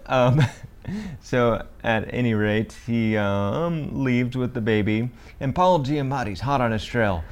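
A man's voice: medium pitch, measured pace, hardly any pauses, smooth. A young man co-hosting a podcast, recapping a film in casual chat, rambling and joking with lots of fillers and restarts. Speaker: podcast co-host.

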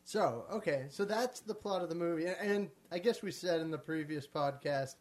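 Measured man summarizing a film. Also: a little high, darkish tone. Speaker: podcast co-host. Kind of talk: casual film review chat.

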